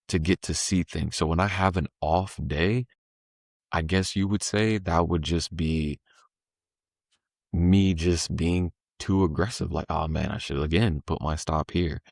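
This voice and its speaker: A man's voice: sits low, takes it slowly, dry recording, clean studio sound. A man talking casually as a podcast guest, telling stories in a laid-back, slangy way. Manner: laid-back slangy storytelling, animated when voicing the market.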